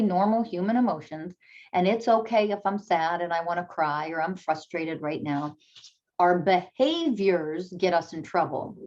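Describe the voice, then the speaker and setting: A woman's voice: fairly low pitch, darkish tone. A woman speaking as a parenting coach in an instructional video, emphatic and repeating her key points, and soothing when she models what to say to a child. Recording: dull lo-fi recording.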